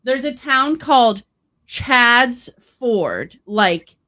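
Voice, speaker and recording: Female podcast co-host from Boston; chatty, filler-heavy, bright and forward tone. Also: on the high side, expressive, very slow. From Boston, United States. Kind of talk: casual chat.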